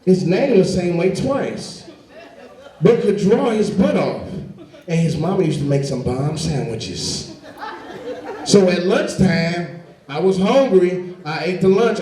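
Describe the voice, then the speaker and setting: A young man doing a stand-up comedy set, telling stories with animated delivery and popping into high voices for his younger self. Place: comedy stage before a laughing audience. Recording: roomy live sound from a distant mic. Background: audience laughter.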